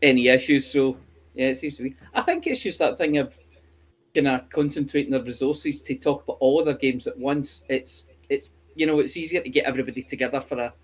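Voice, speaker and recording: A man co-hosting a podcast in casual chat, chatty and quick to laugh. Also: medium pitch, breathy edge. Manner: chatty, laughs often, jokey asides. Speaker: podcast co-host.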